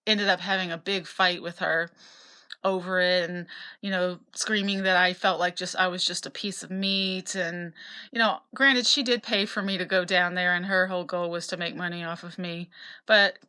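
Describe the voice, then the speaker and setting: A woman's voice: on the low side, bright, forceful tone, clean tone. Candid, rambling woman from Utah. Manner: candid and rambling, with frequent fillers and restarts. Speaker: memoir narrator. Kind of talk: casual personal storytelling.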